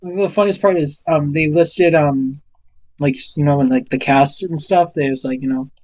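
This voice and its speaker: A man's voice: on the high side, normal speed, a little mellow, poor audio. A young man co-hosting a casual chat, rambling with lots of fillers and laughing often. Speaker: co-host. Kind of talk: casual chat about movies.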